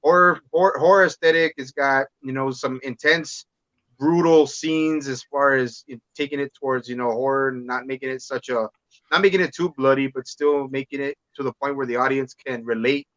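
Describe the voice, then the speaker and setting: Male guest, bright voice, slightly muffled dry call audio, rambling casual talk. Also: medium pitch, moderate pace, dry recording. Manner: rambling, lots of "man" and restarts. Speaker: podcast guest. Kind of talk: casual movie chat. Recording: slightly dull dry sound.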